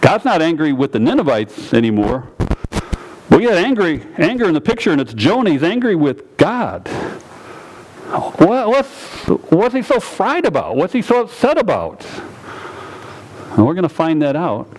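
A male pastor preaching a sermon, emphatic, dropping low and slow and then rising high and loud. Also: wildly swooping pitch, poor audio.

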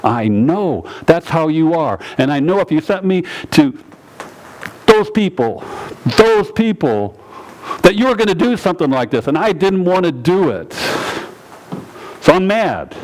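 A man's voice: on the high side, very animated, measured pace, a little mellow, voice pushed up, poor audio. Preacher guy doing a mad sulky prophet, whiny and petulant. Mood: complaining. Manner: petulant, complaining. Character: angry sulking male prophet complaining to God.

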